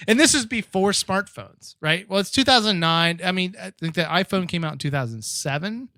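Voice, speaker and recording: A man's voice: sits high, expressive, normal speed, pushed and bright, dry recording, studio quality. A man hosting a podcast, chatting casually as he recaps a TV episode and patiently explains details with many restarts. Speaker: podcast host.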